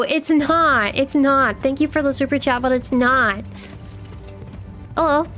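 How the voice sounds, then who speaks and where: A woman's voice: high-pitched, a little slow, fairly bright tone, faint music behind. A young woman streaming a game live, chatting with her viewers in a playful, teasing way.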